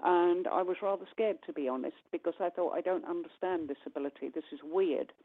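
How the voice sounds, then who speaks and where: A woman, a guest medium, telling a long personal story on a call-in radio show and acting out the dialogue with animated voices. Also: on the low side, a little fast. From United Kingdom. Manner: animated, acts out quoted dialogue. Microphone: telephone. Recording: tinny phone line.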